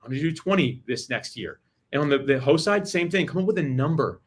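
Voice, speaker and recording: A man talking as a podcast guest, giving energetic advice in a rapid, emphatic way with frequent restarts. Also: fairly high pitch, slightly rough.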